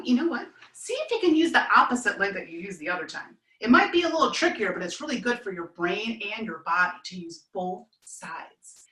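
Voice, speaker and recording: A woman runs a children's online class, animated and encouraging as she narrates each imagined trip. Her voice is a little high and very lively, and it has a bright, sharp tone. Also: rough recording. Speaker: camp instructor.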